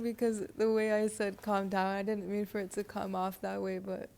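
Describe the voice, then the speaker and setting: A young woman giving a casual tarot reading, chatty and rambling, full of likes and you-knows, sometimes dropping to a soft near-whisper. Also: mid-range voice, level tone, moderate pace, gravelly, few pauses. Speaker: tarot reader.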